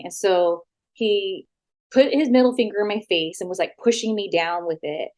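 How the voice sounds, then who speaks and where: A woman, a former wrestler, talking frankly as an interview guest, animated and full of quoted back-and-forth, sitting at a house. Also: medium pitch, normal speed. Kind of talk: casual storytelling interview.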